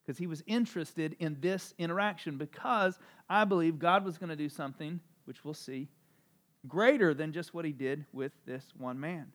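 Speaking at a moderate pace, a high-voiced pastor delivers his sermon conversationally and with animation. Loud emphasis gives way to soft, low asides, and he drops in gentle jokes at his own expense.

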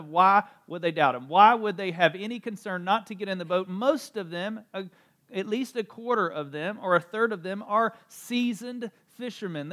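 High-voiced man preaching a lively sermon. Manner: conversational, animated, with asides and self-deprecating humor; strong swings between loud emphasis and soft low delivery. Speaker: pastor.

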